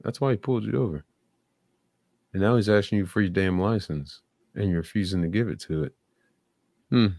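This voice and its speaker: A man's voice: deep voice, fairly quick, long pauses, a little mellow, dry recording, studio quality. A man giving blunt, sarcastic live reaction commentary, swearing freely. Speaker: streamer reacting to videos.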